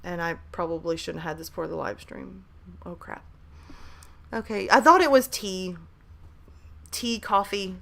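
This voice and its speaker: Woman, 30s, bright voice, hyper and chatty, live stream host, desk mic at home. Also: fairly low pitch, measured pace, vocal fry, pauses often. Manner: hyper and chatty, reading out chat messages. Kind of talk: casual live stream chat. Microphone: desk microphone at a laptop.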